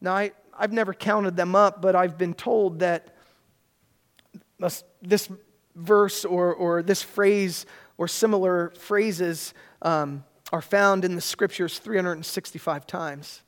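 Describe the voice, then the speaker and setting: A preacher speaks slowly through a church sermon, emphatic and repetitive with his key phrases, his voice surging into loud excitement at the peaks.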